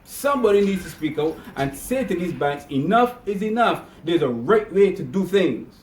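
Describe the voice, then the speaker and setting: A man's voice: on the high side, expressive, moderate pace, warm tone, slight background noise. Indignant man, echoey room. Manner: indignant, repetitive, building to emphatic outbursts. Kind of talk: opinion monologue.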